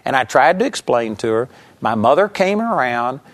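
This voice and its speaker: A male preacher earnestly tells his testimony to a congregation. His voice sits at an ordinary middle pitch, and he quickens and slows his pace as the story builds. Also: very animated. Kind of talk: sermon testimony.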